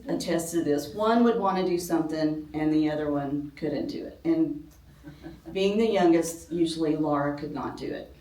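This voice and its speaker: A woman's voice: sits low, a little mellow. Woman teaching a church class, from a distance. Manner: conversational, many ums, self-deprecating humor. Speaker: speaker at a ladies' church class. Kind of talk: informal Bible class talk. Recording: roomy, distant from the mic.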